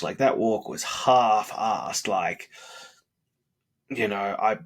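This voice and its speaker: A man's voice: on the low side, takes it slowly, slightly rough. An exhausted man, talking bluntly and with plenty of swearing in a casual motivational vlog, yawning between thoughts. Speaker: vlogger on a self-improvement challenge.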